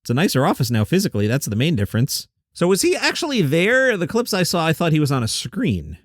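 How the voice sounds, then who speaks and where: Fast-talking wry male comedy news host. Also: fairly high pitch, wildly swooping pitch, no room sound, clean studio sound. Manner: wry, sarcastic asides. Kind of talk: comedy news roundup with quotes.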